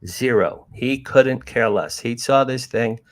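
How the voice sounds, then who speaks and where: A mid-range male voice moves at a slow pace. The man, in his sixties and from New Jersey, is an author guest telling a casual story with animation, often stopping to restart and repeating himself.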